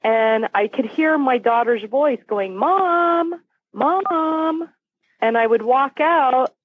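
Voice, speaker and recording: A woman in her forties, a podcast guest, telling a story with animated quoted voices. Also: fairly high pitch, measured pace, no room sound. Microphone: phone call. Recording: tinny phone line.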